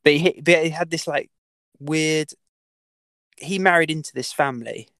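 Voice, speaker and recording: A man's voice: a little high, moderate pace, a bit bright, no room sound. A man telling a story as a podcast guest, with many fillers, restarts and the odd swear word. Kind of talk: casual storytelling.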